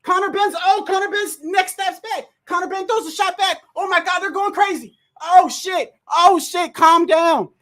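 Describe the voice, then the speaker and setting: A livestream host giving live, excitable commentary while watching a fight, often exclaiming, swearing freely, and talking straight to the fighters and referee. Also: very high-pitched, moderate pace, hardly any pauses. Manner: reads viewer messages aloud.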